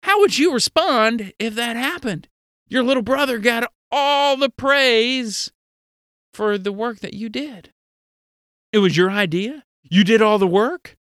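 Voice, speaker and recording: A young man giving a lively, playful Bible lesson to children, talking straight to his audience. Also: very high voice, measured pace, no room sound, clean studio sound.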